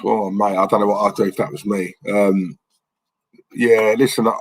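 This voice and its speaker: With a lowish, breathy voice and fairly even intonation, a livestream host chats at normal speed, bluntly wandering between topics and reading out viewer messages. The recording is dry and low in quality.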